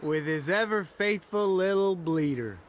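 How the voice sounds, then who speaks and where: A drunk cocky witcher picking fights, high-ish voice bouncing all over, slow and slurry. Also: lively intonation, a little hiss or hum. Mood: mocking. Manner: mocking, quarrelsome, slurred. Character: brash sarcastic male witcher, drunk and taunting.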